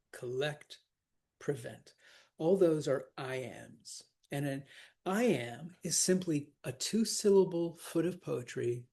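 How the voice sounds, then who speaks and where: A man teaching a class on verse, animated and laughing often, repeating words to stress them. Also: on the high side, gravelly, breathy edge. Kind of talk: classroom lecture.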